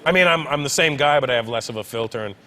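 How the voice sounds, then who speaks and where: A man's voice: medium pitch, rapid-fire. A male comedian telling a funny story as a guest on a talk show, acting out the people in it. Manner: animated storytelling, voices the people he quotes. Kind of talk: comic anecdote on a talk show.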